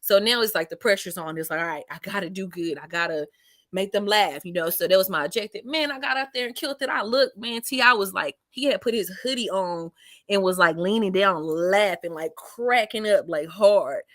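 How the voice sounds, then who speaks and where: A woman comedian telling stories in a casual interview, slangy and animated, acting out quotes with a lifted voice. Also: mid-range voice, a little fast, no room sound. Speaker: comedian guest.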